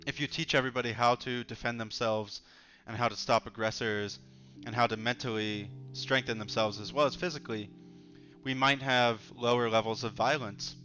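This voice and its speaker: A man's voice: mid-range voice, fairly even intonation, normal speed, pushed and bright, soft background music. A man hosting an interview, chatty and thinking aloud as he goes. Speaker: host. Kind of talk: casual interview talk.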